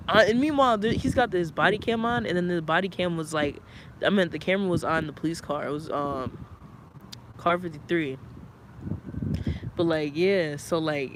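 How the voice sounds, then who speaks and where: A man's voice: on the high side, rough recording. A man telling a long story to a livestream in a rambling way, full of filler words and swearing. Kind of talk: casual storytelling. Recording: loud wind noise on the mic.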